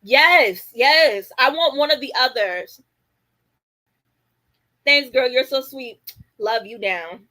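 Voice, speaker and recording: A woman's voice: high voice, expressive, slow pace, long pauses, sharp tone, low-quality recording. A woman hosting a casual livestream, chatting with lots of fillers and reading viewer comments aloud. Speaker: livestream host.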